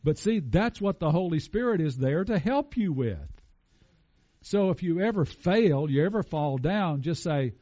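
A man's voice: fairly high pitch, lively intonation, measured pace, mellow, highs cut off. A man preaching a conversational sermon and asking his congregation questions. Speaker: pastor.

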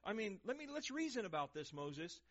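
A man preaching a sermon, swinging between loud emphasis and hushed, quiet lines. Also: high voice, sing-song, fairly quick. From Texas, USA. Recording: dull lo-fi recording.

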